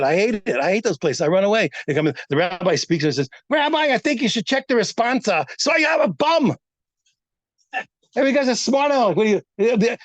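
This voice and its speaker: Man teaching talmud, high lively voice, repeats himself, dry dull lo-fi sound. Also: no room sound. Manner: animated, repeats phrases while thinking aloud. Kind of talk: daily Talmud class.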